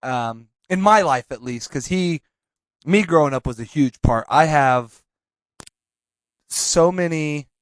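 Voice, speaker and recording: A man hosting a casual comedy podcast, speaking earnestly in halting starts and restarts. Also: on the high side, expressive, no echo. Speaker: podcast host.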